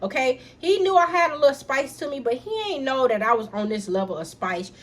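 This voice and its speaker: High husky-voiced young woman telling a story. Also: a little fast. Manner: animated, profane, addresses viewers as y'all. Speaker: storytime vlogger. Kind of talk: casual storytime vlog.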